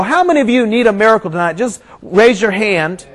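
A man preaching to a crowd, praying and then telling a funny story before a Bible passage, growing animated and shouting at the climax. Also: sits high, fairly quick, hardly any pauses, low-quality recording. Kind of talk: storytelling sermon.

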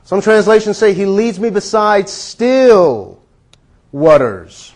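A man with a high voice preaches a sermon. He is earnest and leads his listeners in repeating lines after him. He stretches key words out slowly for emphasis. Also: sing-song, darkish tone.

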